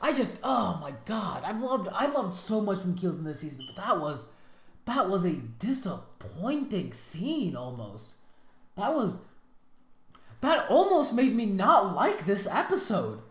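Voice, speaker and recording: Animated woman ranting in an echoey room. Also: mid-range voice, measured pace. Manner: animated, exasperated, talks in restarts and slang. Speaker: reaction channel host. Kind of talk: casual reaction commentary. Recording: roomy echo.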